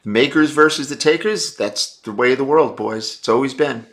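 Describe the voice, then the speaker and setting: Blunt, brash man with a bright voice. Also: medium pitch, moderate pace. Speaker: livestream host answering viewer chat. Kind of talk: casual live-stream chat.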